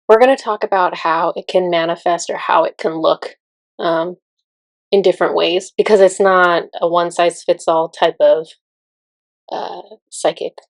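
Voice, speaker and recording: Lowish-voiced woman chatting about spiritual stuff, lots of ums and little laughs, dead dry sound. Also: a little mellow, no room sound. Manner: chatty, laughs often, many fillers. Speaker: spiritual channel and teacher. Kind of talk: casual spiritual teaching talk.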